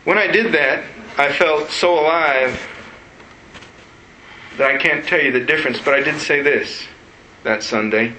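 Male pastor, sermon storyteller, slightly high voice, very bright tone. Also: unhurried, pauses often, a little hiss or hum. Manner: storytelling with emotional retelling. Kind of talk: sermon testimony. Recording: roomy echo.

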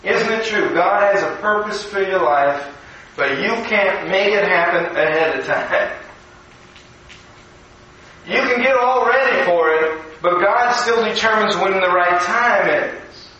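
A man's voice: sits high, a little slow, pushed and bright, highs cut off, slight background noise. A man giving a recorded devotional sermon in a conversational, storytelling way, acting out the voices he quotes. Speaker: preacher. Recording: echoey room from far off.

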